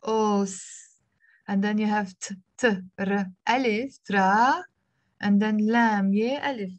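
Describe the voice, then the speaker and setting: A Lebanese-accented woman teaches an online Arabic class for beginners over video call, patiently spelling letters one at a time and encouraging her students. Her medium-pitched voice has a fairly even intonation and an unhurried pace. The recording is muffled, with no echo.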